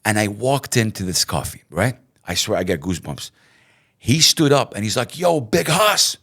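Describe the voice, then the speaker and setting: A middle-aged man talks in a relaxed interview with a fairly low voice. He tells his stories in an animated way, often repeating words and acting out what others said. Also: moderate pace. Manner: animated, repeats himself, acts out quotes. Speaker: radio host, interview guest. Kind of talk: casual interview.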